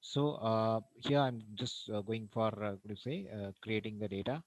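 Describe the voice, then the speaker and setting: Male lecturer, Indian English accent, lowish voice, halting delivery full of fillers, dry close sound; screen-recorded coding tutorial. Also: no room sound, low-quality recording. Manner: hesitant, many "uh" and "what to say" fillers. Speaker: college lecturer.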